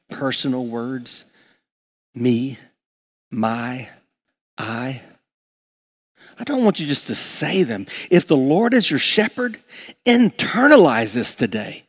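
A man preaching a sermon as pastor, swinging from quiet, intimate asides to loud, fervent outbursts, with homely examples. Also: mid-range voice. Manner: folksy, uses homely examples.

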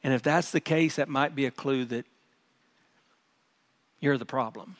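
A middle-aged man preaching a sermon as pastor. He speaks earnestly, often repeats his words, and drops to a soft, prayerful tone at times. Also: medium pitch, a little slow.

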